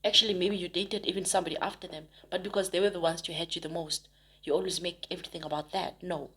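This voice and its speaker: A woman's voice: on the low side, steady tone, fast, a bit bright. Chatty woman giving a tarot reading. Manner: chatty and emphatic, rambling with frequent restarts. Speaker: tarot reader. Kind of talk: casual spoken tarot reading to viewers.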